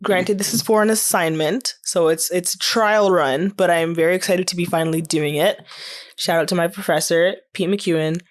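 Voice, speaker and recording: A woman's voice: on the low side, fairly even intonation, normal speed. A young adult woman hosting a casual podcast chat, playful and bubbly, laughing often. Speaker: podcast host.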